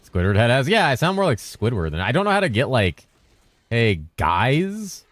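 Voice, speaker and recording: A man streaming games, chatting loosely with his viewers in a deep, bassy voice. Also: sing-song, quick pace, dry recording. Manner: rambling and loose, with bursts of laughter. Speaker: game streamer. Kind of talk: casual livestream chat answering viewers. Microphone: streaming mic through a mixer.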